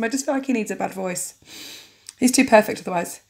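A woman's voice: on the high side, expressive, fast talker, vocal fry, a bit bright. A woman narrating and commenting casually on a story game, chatty and joking as she goes. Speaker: let's play narrator.

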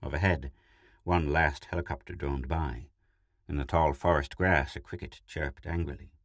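A man narrating a science fiction short story in a steady, measured reading style. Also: extremely low pitch, no echo, studio quality.

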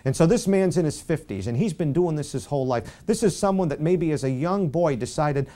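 A man preaching a Bible-study sermon as pastor, conversational and self-deprecating, softly acting out quoted speech. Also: a little high, animated, fairly quick.

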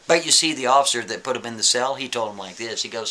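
A man telling a story in a lively, emphatic, casual way, talking straight to the listener. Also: mid-range voice, fast, few pauses.

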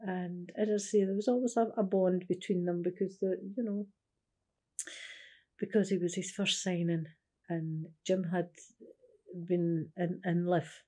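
A Scottish woman in her sixties speaks in an interview with a low, mellow voice. She tells her story earnestly and keeps slipping into "I says" as she recounts what was said. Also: fairly even intonation, a little slow, pauses often. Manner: earnest, repeats "I says", acts out remembered dialogue. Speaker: interviewee, carer's widow.

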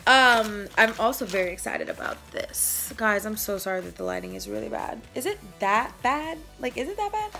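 Young female vlogger, breathless, playful slang, bright tone. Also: a little high, animated, brisk, creaky, hardly any pauses, faint music behind. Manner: chatty, slangy, playful, rambling. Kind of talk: casual haul vlog.

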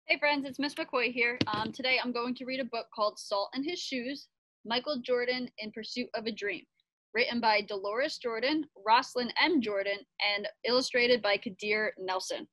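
Woman teacher, slightly high voice, friendly expressive read-aloud for kids. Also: normal speed, no echo. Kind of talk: reading a picture book aloud.

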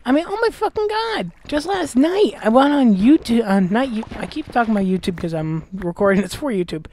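A woman's voice: a little high, expressive, a little fast, dark tone, slight background noise. Profane ranting woman gamer. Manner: profane, exasperated ranting with mocking voices. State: gassy, clearing throat. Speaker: Let's Play host. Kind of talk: ranting commentary over gameplay.

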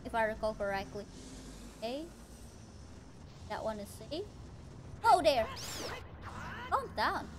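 A woman's voice: on the high side, big pitch swings, slow, long pauses, background noise. A woman streaming a video game live, talking to herself playfully with mock-outraged exclamations. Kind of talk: live gameplay commentary.

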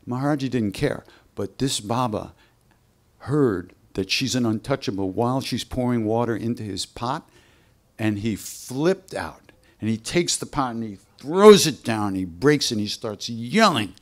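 A man telling a spiritual story at a live workshop in a relaxed, conversational way, acting out the voices of the people in it. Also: on the low side.

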